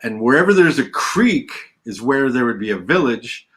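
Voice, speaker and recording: A man from British Columbia speaks as a guest in a podcast interview. He explains calmly at a middling pitch and repeats a word now and then as he goes. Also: moderate pace. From British Columbia, Canada.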